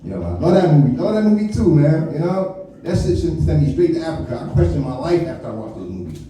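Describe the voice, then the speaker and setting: A man's voice: a little high, big pitch swings, quick pace, dark tone, slight background noise. A man doing a live stand-up comedy set, talking loose and slangy with plenty of swearing and mock impressions. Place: comedy club stage. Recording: echoey venue picked up from a distance.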